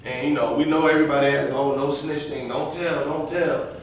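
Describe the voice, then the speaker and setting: Animated man teaching kids in an echoey church room. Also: fairly high pitch, a little fast. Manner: animated, quizzes the class, acts out little scenes. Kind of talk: interactive Bible lesson for kids. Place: church classroom. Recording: very echoey room, distant camera, faint background noise.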